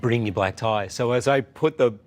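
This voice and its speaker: A man's voice: mid-range voice, normal speed. Australian man telling a story. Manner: animated storyteller, acts out quotes. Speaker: guest. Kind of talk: casual chat.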